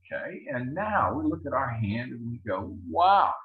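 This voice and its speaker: Man, card-game teacher, lively up-and-down pitch, chatty, acts out players' thoughts, dull lo-fi recording. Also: moderate pace. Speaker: bridge teacher. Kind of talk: screen-share lesson walkthrough.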